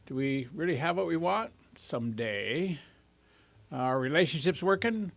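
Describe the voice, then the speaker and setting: High energy radio host guy, gravelly bright voice, dry studio mic, jokey. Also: expressive, unhurried, no echo. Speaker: radio talk show host. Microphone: studio microphone.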